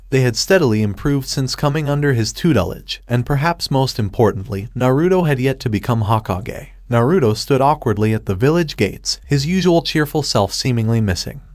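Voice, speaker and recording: A man narrating a fan fiction story in a steady, even reading style. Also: mid-range voice, dry recording, studio quality.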